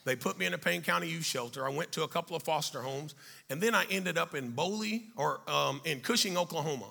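A middle-aged man telling a life story to an audience, animated and then dropping quiet and serious. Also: a little high, fast talker, gravelly. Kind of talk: storytelling talk.

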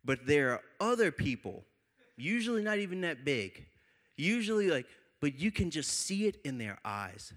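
A man's voice: fairly high pitch, very animated, moderate pace, fairly bright tone. A young man preaching to a college group, telling a funny personal story with laughs before moving into scripture. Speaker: pastor.

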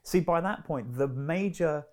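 A man co-hosting a casual film podcast, animated and swearing freely as he rants. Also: on the high side, a little slow. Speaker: podcast co-host.

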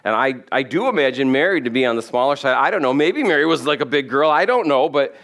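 A man's voice: medium pitch, lively intonation, quick pace, a bit bright. Man preaching a conversational sermon. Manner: conversational, humorous asides. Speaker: pastor. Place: church sanctuary.

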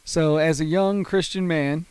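A man in his thirties co-hosting a podcast, launching into a long story with a slightly higher, lively voice. He talks in a casual, rambling way and leans into the funny parts. The sound is close and dry, with no room echo. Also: unhurried, clean tone. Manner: animated storyteller, laughs hard at his own story. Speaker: podcast co-host.

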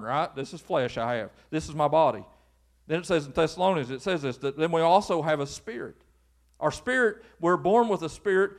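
A male pastor preaching a folksy sermon to his congregation in church. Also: high-pitched. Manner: folksy, acts out quoted voices.

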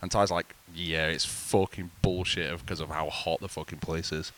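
A man's voice: deep voice, fairly even intonation, normal speed, fairly bright tone. A man co-hosting a podcast, telling a laid-back story in casual chat with some swearing. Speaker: podcast co-host.

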